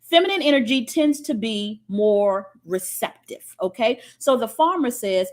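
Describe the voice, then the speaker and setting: Woman preaching relationship advice, fairly high voice, swears a lot, keeps saying okay. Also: animated, measured pace, hardly any pauses. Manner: blunt, profane and emphatic; frequent checking "okay?". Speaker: spiritual teacher. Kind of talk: spiritual teaching monologue.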